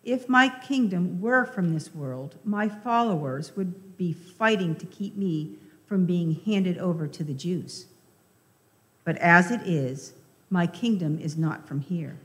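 A woman reading the lines of a calm, solemn man on trial in a measured, plain scripture reading. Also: on the low side. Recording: reverberant church hall.

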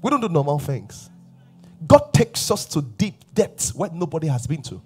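Husky, animated male preacher. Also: on the high side, normal speed, faint music behind. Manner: emphatic preaching with repeated refrains and sudden drops to a whisper. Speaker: pastor. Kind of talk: sermon.

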